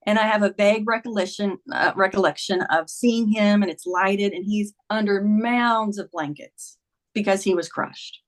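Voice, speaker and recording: A woman's voice: mid-range voice, normal speed. A woman in her fifties, a podcast guest, earnestly retelling a personal story in conversation, with many "like"s.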